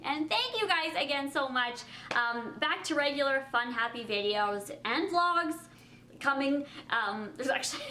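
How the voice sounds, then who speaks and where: Young woman vlogging at home, chatty w lots of ums and likes, kinda high voice, faint hiss behind. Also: sharp tone. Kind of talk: casual talk to camera. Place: home at night, indoors.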